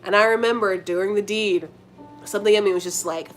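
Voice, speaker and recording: A woman's voice: mid-range voice, brisk, a bit bright, faint music behind. A young woman chatting casually to her viewers, telling a story with lots of slang, fillers and giggles. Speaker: vlogger answering viewer questions.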